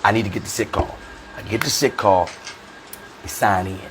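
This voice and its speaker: A middle-aged comedian telling a comic story, animated and profane, dropping into low asides. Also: male voice, moderate pace, background noise.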